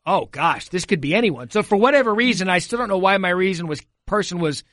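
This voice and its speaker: A woman's voice: fairly low pitch, expressive, fast talker, fairly bright tone, no room sound. Chatty woman podcast host, dry studio sound. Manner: chatty, laughs often, storytelling. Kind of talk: casual podcast chat. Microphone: studio mic.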